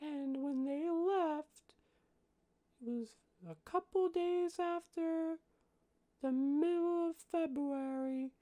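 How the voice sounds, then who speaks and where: A woman voicing a timid, trusting young halfling boy who answers slowly and hesitantly. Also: high voice, mellow, voice pushed up. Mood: innocent. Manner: slow, hesitant, childlike answers.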